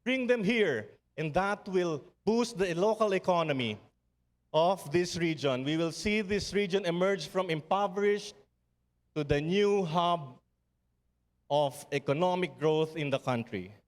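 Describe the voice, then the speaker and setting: A man's voice: fairly high pitch, measured pace. Filipino man speaking in an echoing hall. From Philippines. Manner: earnest and rousing, with repeated refrains and restarts. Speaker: summit speaker. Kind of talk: conference keynote speech. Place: large conference hall. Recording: long hall reverb.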